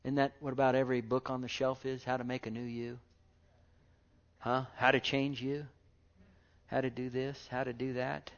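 A man preaching a sermon with fervor, dropping to hushed murmurs and rising to loud exclamations, full of rhetorical questions. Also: mid-range voice, creaky. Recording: dull lo-fi recording.

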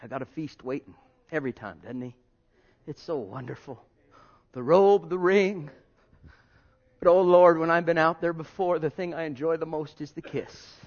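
A man pastor preaching a sermon to his congregation, swinging between loud exhortation and hushed, intimate tones. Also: on the high side, normal speed, muffled recording.

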